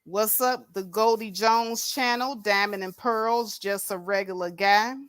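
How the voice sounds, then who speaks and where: A woman with a grown daughter gives unscripted livestream commentary into a plug-in mic, blunt, confrontational, and full of profanity. Her medium-pitched voice is fairly even and a little slow, with a fairly bright, clean tone on a dry recording.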